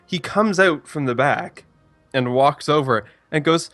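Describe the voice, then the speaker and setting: A man's voice: on the high side, measured pace, fairly bright tone, no echo, soft background music. Rambling young man telling a story. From Canada. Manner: rambling, restarts a lot. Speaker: stream co-host. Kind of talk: casual storytelling.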